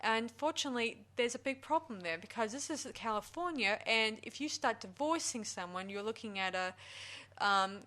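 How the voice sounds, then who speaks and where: A woman's voice: fairly high pitch, animated, moderate pace, pushed and bright. A woman hosting a casual film review podcast, retelling the plot at length with fillers and self-corrections. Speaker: podcast host.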